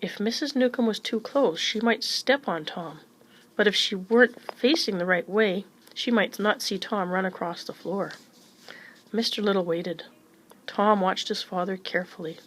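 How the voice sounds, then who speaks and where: A woman reading a children's chapter book aloud in a gentle, even storytelling manner. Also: mid-range voice, normal speed, poor audio. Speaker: reader.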